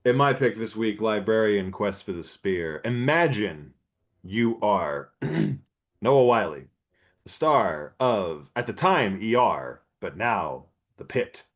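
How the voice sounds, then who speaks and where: Low-voiced man swearing through a movie recap. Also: expressive, slow. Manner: profane, rambling, clears throat often. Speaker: podcast host. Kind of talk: casual comedic movie recap.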